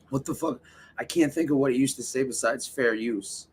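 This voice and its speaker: A man's voice: mid-range voice, moderate pace, husky. A man hosting a casual livestream, rambling and swearing as he talks straight to his chat. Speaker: livestream host.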